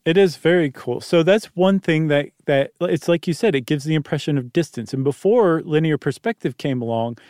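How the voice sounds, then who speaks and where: Easygoing male podcast host, higher voice. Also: normal speed, hardly any pauses, a little mellow, dry recording, clean studio sound. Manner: easygoing, rambling, self-interrupting. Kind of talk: casual explanatory chat.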